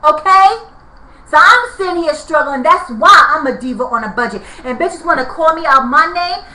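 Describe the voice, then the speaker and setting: A woman rants to the camera with a very high, piercing voice. Her talk is heated, profane and repetitive, and she circles back over the same complaints. The sound rings in an echoey room. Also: animated, moderate pace, sharp tone. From New York. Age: 30s. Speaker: vlogger. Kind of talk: angry venting vlog.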